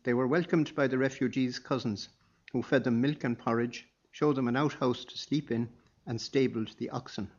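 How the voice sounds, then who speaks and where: A man narrates a historical story in a measured, even voice at medium pitch. The reading is steady and scripted. The recording sounds a bit dull and lo-fi. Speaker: audiobook narrator.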